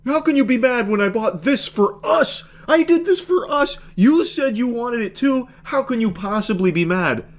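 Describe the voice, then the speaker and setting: A man mocking a shrill whiny entitled guy. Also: animated, moderate pace, few pauses. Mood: self-righteous. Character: whiny entitled young man, self-righteous.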